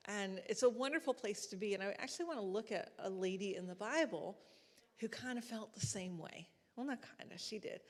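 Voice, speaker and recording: A middle-aged woman preaching at a conference, talking conversationally with many fillers like "like" and "you know". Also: medium pitch. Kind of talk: sermon at a conference. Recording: long hall reverb.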